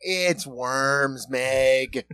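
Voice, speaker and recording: A man in his thirties cracking quick, profane jokes in casual comedic chat as a podcast co-host. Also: mid-range voice, sharp tone, smooth, no room sound. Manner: quick joking interjections, swears freely.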